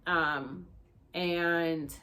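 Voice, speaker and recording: Speaking very slowly in a lowish voice, a young vlogger recounts something that happened to her. Her telling is casual and lively, full of free swearing and impressions of what others said.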